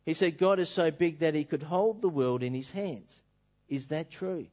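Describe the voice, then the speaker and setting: A puzzled little girl asks her mother earnest questions, voiced lightly by a male preacher who barely changes his voice. The voice sits a little higher than his own. The recording is muffled and lo-fi. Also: normal speed, darkish tone, natural voice. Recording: dull lo-fi recording.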